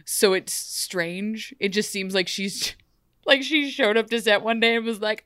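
A woman co-hosting a casual recap podcast, excitable and giggly, breaking into quick joke voices. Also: medium pitch, clear, resonant tone, no room sound, clean studio sound. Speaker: podcast co-host.

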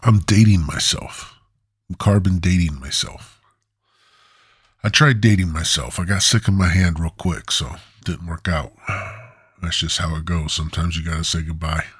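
A man's voice: deep voice, steady tone, moderate pace, breathy edge, no room sound, clean studio sound. A man hosting a podcast alone, rambling in a meandering, crude, zoned-out way. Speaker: podcast host. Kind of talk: casual rambling monologue.

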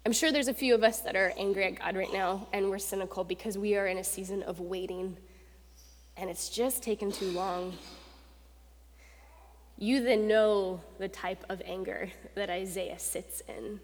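A young adult woman preaching a sermon in a conversational, animated way, acting out quotes with rising intensity. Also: medium pitch, moderate pace. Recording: long reverb of a large hall.

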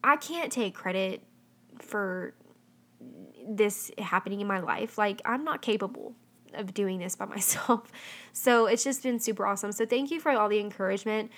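A woman's voice: medium pitch, moderate pace. A young woman hosting a casual solo podcast, chatty and full of "um" and "like". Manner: chatty, heavy on fillers like "um" and "like". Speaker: podcast host.

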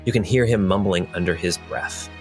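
A man's voice: low-pitched, a little fast, soft background music. Rambling game master, a man. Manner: rambling, with many fillers. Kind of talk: narrating a tabletop game.

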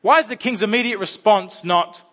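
A man in his thirties gives a sermon in a relaxed, storytelling way, now and then breaking into loud dramatic outbursts. His voice is fairly high and tense and bright. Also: normal speed. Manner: chatty, storytelling, with sudden loud dramatic bursts. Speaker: preacher. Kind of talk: conversational sermon.

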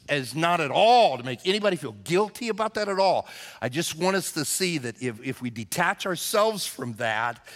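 A man's voice: a little high, a bit bright, long reverb tail. A man preaching a conversational, emphatic sermon as pastor, acting out quotes in character voices.

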